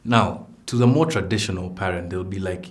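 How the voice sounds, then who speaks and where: Very deep-voiced Kenyan man interviewing. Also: fairly quick. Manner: playful, drops Swahili phrases, thoughtful. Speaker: interviewer host. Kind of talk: conversational interview.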